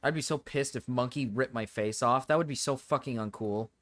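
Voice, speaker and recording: Young man, mid-pitched, doing loose reaction commentary on a live stream; jumpy energy, cusses freely, breaks into high yelps. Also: brisk, no echo, studio quality. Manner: excitable, swears, frequent laughter, sudden high yelps.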